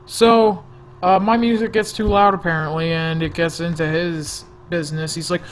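A man's voice: on the high side, steady tone, normal speed, background noise. A man telling a rambling, jokey story-time vlog into a desk microphone, often sidetracking himself. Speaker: vlogger.

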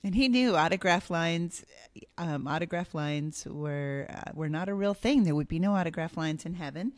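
A woman hosting a faith-based podcast, talking in a soft, grateful way with small restarts. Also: lowish voice, moderate pace, dry recording. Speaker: podcast host. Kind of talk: casual chat.

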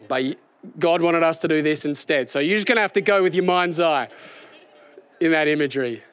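High-voiced animated male preacher. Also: a little fast. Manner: animated, building to raised excited delivery. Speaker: pastor. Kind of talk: sermon. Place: outdoors.

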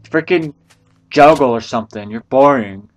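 A man's voice: mid-range voice, moderate pace. A man giving casual let's-play commentary, rambling to himself and swearing freely. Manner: rambling, profane, talks to himself. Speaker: gameplay commentator.

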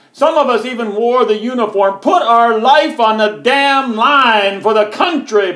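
A man's voice: high voice, fairly bright tone. An American man delivering a heated, profane political rant to camera, sarcastic and mocking. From United States. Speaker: political vlogger. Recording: echoey room.

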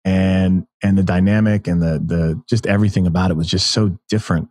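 A man with a very low voice talks casually as a podcast guest, halting and restarting his sentences. The sound is dry and close, with no room around it. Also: steady tone, a little mellow, no room sound. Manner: halting, restarts often, fillers like "like". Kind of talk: casual conversational interview.

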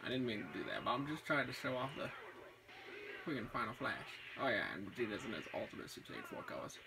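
A man's voice: medium pitch, big pitch swings, quick pace, creaky, background noise. A man giving let's play commentary, wry and self-deprecating, often exclaiming at the game. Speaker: gamer.

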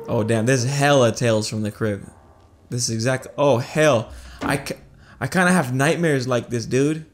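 A man casually commenting while playing a horror game, jumpy and excitable, cursing freely and thinking out loud. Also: mid-range voice, normal speed, music in the background. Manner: jumpy, excitable, swears a lot. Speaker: gaming video host. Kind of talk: casual let's-play commentary.

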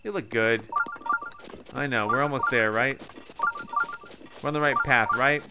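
A man's voice: medium pitch, unhurried, heavy background noise. A man doing casual let's play commentary, musing to himself and easily distracted. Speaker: gaming video host.

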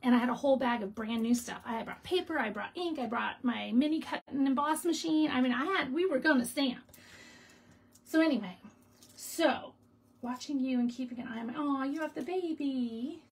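A woman's voice: high voice, a little fast, gravelly, slightly rough, low-quality recording. A middle-aged woman hosting a casual crafting live stream, telling a story with frequent laughs. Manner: chatty storytelling, laughing often. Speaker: stamping demonstrator and show host. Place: home craft room.

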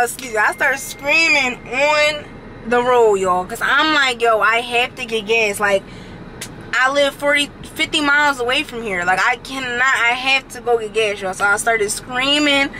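A young woman vlogging from her car, chatting to her viewers in an animated, slangy way and swearing casually. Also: high-pitched, normal speed, a little hiss or hum, rough recording. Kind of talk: casual chat to camera.

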